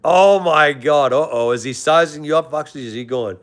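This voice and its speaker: A man's voice: fairly high pitch, normal speed. A young man hosting a live stream, casually greeting chatters by name and calling them brother. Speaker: livestream host reading chat.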